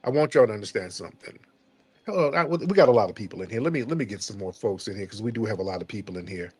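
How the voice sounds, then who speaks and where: A man's voice: fairly low pitch, animated, rapid-fire, slightly rough, no echo. A man hosting a call-in stream, taunting and mocking a caller in a heated argument.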